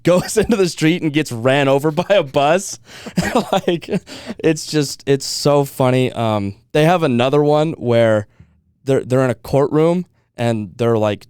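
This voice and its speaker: Casting: young male podcast co-host, smooth resonant voice, dry close sound, animated and quick to laugh. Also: mid-range voice, no echo. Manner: animated storytelling, laughs often, swears casually. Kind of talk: casual chat.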